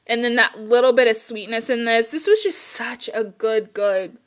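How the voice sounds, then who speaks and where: A woman's voice: a little high, a little slow, a little hiss or hum. A woman casually chatting through her candle reviews, rambling with plenty of fillers and sounding a little out of breath. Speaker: candle and wax melt reviewer. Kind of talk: casual chat.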